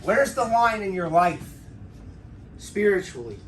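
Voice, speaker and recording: Preaching an interactive sermon in a loose, conversational style, a pastor draws answers from his congregation and tags his points with "right?". His voice is fairly high for a man and fairly bright, with big pitch swings and a slightly slow pace. He's miked from a distance, with faint noise underneath.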